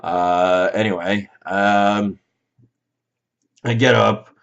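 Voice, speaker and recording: A man's voice: on the low side, steady tone, extremely slow, vocal fry. A Canadian man recounting a dream in a rambling, hesitant way, full of fillers and restarts. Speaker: vlogger. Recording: slightly dull lo-fi audio.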